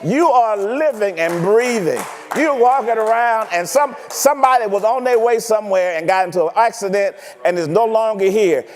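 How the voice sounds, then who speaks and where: High-voiced preacher in an echoing church. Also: male voice, normal speed, hardly any pauses, a little hiss or hum. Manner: animated, teasing preaching with rhetorical questions. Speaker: pastor. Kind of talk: sermon. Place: church sanctuary.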